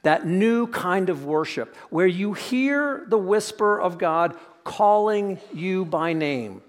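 High-voiced preacher in a reverberant church. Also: male voice. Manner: reflective, often dropping to a soft hush. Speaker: pastor. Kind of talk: sermon. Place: church sanctuary.

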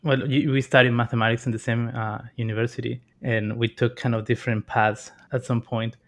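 A man's voice: mid-range voice, level tone, brisk, a bit bright. A young man from Mexico hosting a casual interview, chatty and curious, with loose phrasing and many fillers. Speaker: host.

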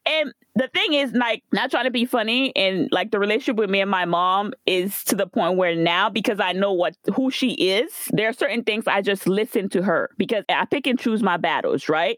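A woman's voice: medium pitch, lively intonation, moderate pace, few pauses, dry recording. A woman telling a painful family story in a casual conversation. She talks candidly and emotionally, close to tears, and cusses freely. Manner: candid and emotional, with frequent cussing and "like". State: near tears.

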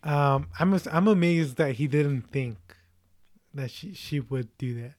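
A man in casual chat, joking and laughing often as he acts out quick lines. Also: fairly high pitch, a little mellow, no echo, clean studio sound.

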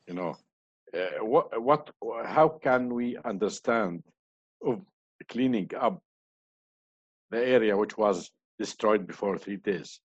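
A man's voice: fairly low pitch, a little slow, husky, no echo. A man answering questions as an interview guest, hesitant, with many fillers and restarts. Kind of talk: online panel interview. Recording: dull lo-fi sound.

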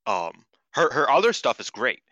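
Bright, blunt Chicago-accented man. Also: mid-range voice, big pitch swings, moderate pace, no echo, muffled recording. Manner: blunt, profane, filler-heavy. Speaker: podcast co-host. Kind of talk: casual chat.

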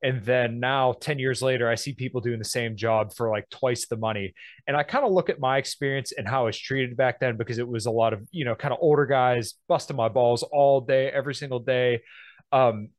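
A man's voice: medium pitch, a little fast, no room sound. Laid-back young man, dry sound. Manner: relaxed, with many ums and kindas. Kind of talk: casual chat.

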